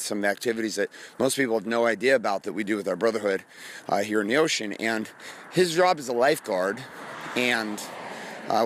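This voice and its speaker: A man hosting a motivational podcast, talking slowly and quietly to rest a strained voice, casual and profane, while walking down a street outdoors. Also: on the low side, slight background noise. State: strained voice, resting it. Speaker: podcast host and coach.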